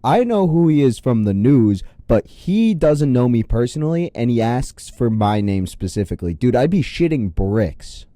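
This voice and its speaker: Profane, incredulous young man, dark voice. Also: mid-range voice, very animated, normal speed, few pauses. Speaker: commentary video host. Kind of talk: reaction commentary.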